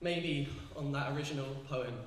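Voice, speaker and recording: A woman's voice: low-pitched, steady tone, normal speed, distant mic, slight background noise. Young woman reading poetry in an echoey hall. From England. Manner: hesitant and full of fillers when chatting between poems. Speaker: poet. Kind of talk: live performance poetry reading. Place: art gallery, live poetry night. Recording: echoey gallery with long reverb.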